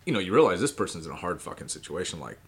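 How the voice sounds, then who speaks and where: A man who is a guest poet on a podcast, speaking in a halting, casual way and swearing freely. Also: deep voice, very animated. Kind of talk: casual conversation.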